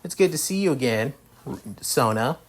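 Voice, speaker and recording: Man playing a proud young noblewoman, haughty, commanding, slightly raised pitch, fan storybook reading. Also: animated, normal speed. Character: poised crimson-haired young noblewoman, proud.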